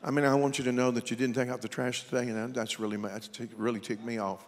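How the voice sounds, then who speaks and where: A man voicing a meek adult woman who complains about being mad in a quiet, mild, flat way. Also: mid-range voice, quick pace, pitched below the performer's own voice, natural voice. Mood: mildly peeved. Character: meek soft-spoken angry wife, adult woman. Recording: long church reverb.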